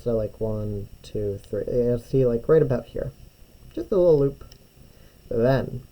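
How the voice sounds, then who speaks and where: Young male music teacher, warm low-key tone, patient step-by-step instruction. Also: rough recording. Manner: patient, step-by-step, often checks with "right?". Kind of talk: drawing tutorial lesson.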